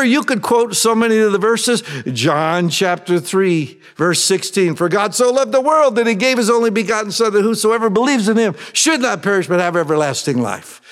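A man preaching a sermon, asking his congregation questions and answering them himself, swinging between raised emphatic lines and soft low asides. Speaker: pastor. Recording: long reverb of a large hall.

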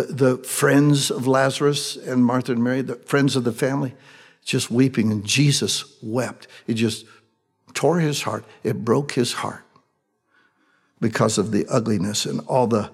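Man, pastor, sermon, loud urgent bursts and hushed tender passages, reverberant hall. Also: mid-range voice, husky.

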